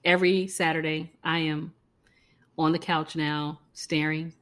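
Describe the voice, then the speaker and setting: A woman co-hosting a podcast, explaining health advice in a measured way and chatting casually. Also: sits low, flat delivery, a bit bright. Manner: measured, advisory. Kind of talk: casual chat.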